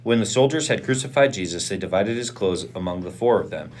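A man co-hosting a podcast, reading a Bible passage aloud in turns with a measured delivery. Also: fairly low pitch, lively intonation, a little mellow. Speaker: podcast co-host reading scripture.

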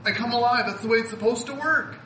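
A man's voice: very high voice, fast, sharp tone, roomy sound, slight background noise, rough recording. A man in his fifties preaching a sermon, earnest and emotional, often laughing and repeating words as he speaks. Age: 50s. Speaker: pastor.

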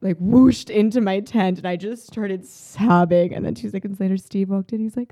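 A woman's voice: medium pitch, normal speed, few pauses, no room sound, studio quality. A woman chatting casually as a podcast co-host, telling stories and laughing often. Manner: giggly, warm storyteller, laughs often. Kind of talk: casual chat.

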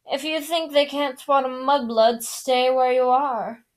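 A woman's voice: sits high, unhurried. A woman voicing an arrogant teenage boy wizard who taunts in a drawling way. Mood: sneering.

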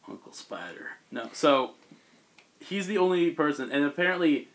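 A man's voice: a little high, animated, a little slow. Casual man recapping a comic story. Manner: rambling storyteller acting out characters. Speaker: podcast host recapping comics. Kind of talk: casual chat.

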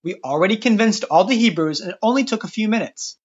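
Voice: mid-range voice, animated, quick pace, slightly rough. A podcast narrator voicing an overconfident older man who sounds breezy and upbeat, on a dull lo-fi recording. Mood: confident. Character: overconfident older male brother.

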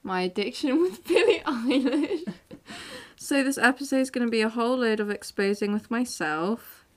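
An excitable teenage woman chats through her podcast, her voice sitting a little high. She giggles often and gets flustered easily, tumbling between thoughts. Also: moderate pace. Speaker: podcast host. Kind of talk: casual chat.

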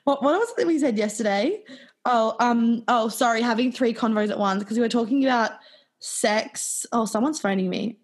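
A woman co-hosting a casual chat, talking fast and scattered, swearing and giggling often. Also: on the high side. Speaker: podcast co-host.

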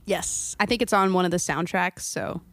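A woman's voice: on the low side, fairly even intonation, normal speed, a bit bright. A woman co-hosting a podcast in casual chat, talkative and giggling. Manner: chatty, giggly. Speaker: podcast co-host.

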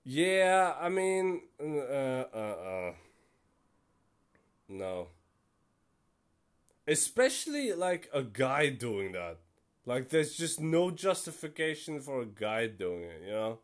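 A man's voice: mid-range voice, sing-song, takes it slowly, pauses often. A young man hosting a casual solo podcast, rambling and self-deprecating with many fillers. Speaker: podcast host.

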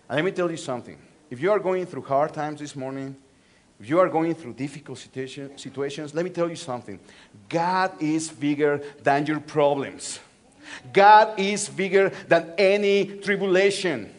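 Lively high-voiced male pastor preaching. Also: a little slow. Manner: animated and playful, drawing out words for teaching. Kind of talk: sermon.

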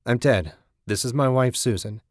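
A man plays a polite, nervous husband, sounding apologetic, his mid-range voice pitched above his natural one yet close to everyday speech. He talks at a moderate pace, recorded with studio quality and no echo.

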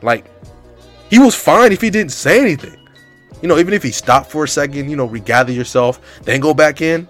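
A young man telling a comedic story in a rambling, animated way, full of filler words. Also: medium pitch, normal speed, soft background music.

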